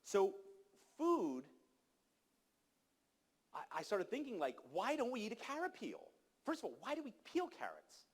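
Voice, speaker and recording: Man speaker, fairly high voice, preaching-style urgency at a conference lectern. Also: huge pitch swings, a little slow, long pauses, husky. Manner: urgent, exhorting, storytelling with direct questions to the audience. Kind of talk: impassioned conference talk. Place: conference hall.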